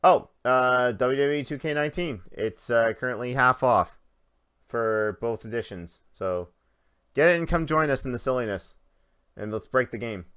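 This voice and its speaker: A man's voice: mid-range voice, animated, normal speed, fairly bright tone, clean tone. A man hosting a casual gaming podcast, easygoing and full of filler "uh"s. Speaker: podcast host.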